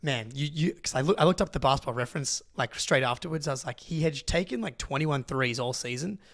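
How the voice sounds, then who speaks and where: A young Australian man, co-host of a podcast, telling a long story in an excitable, rambling way with lots of restarts. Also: medium pitch, quick pace, vocal fry, no room sound. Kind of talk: casual storytelling.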